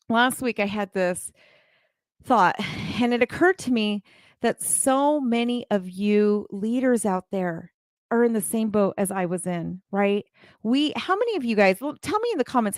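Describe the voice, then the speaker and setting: A woman's voice: medium pitch, no echo, studio quality. A woman giving an earnest, emotional faith talk to business leaders on a live stream, speaking straight to her viewers. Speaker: childcare business coach and owner.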